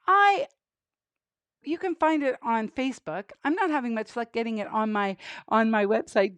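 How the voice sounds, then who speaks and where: Upbeat high-voiced woman hosting a kids' show. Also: no echo. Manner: warm, encouraging, upbeat with kids. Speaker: children's entertainer host. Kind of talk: children's show chat.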